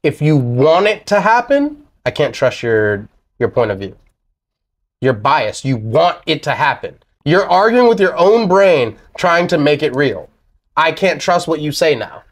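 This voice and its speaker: A man's voice: fairly high pitch, very animated, a little slow. A young man co-hosting a casual podcast, arguing bluntly and sarcastically, with lots of swearing. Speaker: podcast co-host. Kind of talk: casual chat.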